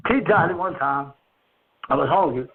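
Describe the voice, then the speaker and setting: A man's voice: fairly high pitch, moderate pace. A man hosting a casual call-in chat over the phone, telling loose, profane stories and laughing often. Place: a friend's house. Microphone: phone line. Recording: tinny phone line with faint noise.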